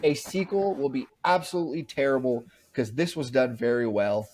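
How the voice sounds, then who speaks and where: A man's voice: medium pitch, normal speed, a little mellow. Rambling casual man reviewing a movie. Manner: rambling, repeats himself, restarts sentences. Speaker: podcast co-host.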